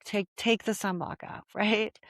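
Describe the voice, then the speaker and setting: A woman's voice: medium pitch, steady tone, measured pace, no echo, clean studio sound. An older woman talking as a guest in a casual conversation, telling stories animatedly with restarts and laughter.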